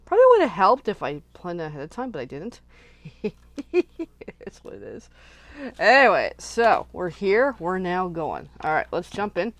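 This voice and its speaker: A woman's voice: fairly low pitch, sing-song, normal speed, dry recording. A woman hosting a casual live crafting session, chatting and rambling as she thinks aloud while she works at her craft desk. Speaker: craft channel host.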